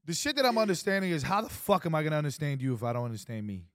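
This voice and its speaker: Young man, podcast co-host, animated and profane, dry close sound. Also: a little high, very fast, no room sound. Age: 20s. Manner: animated, profane, acts out quoted exchanges. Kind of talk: casual chat.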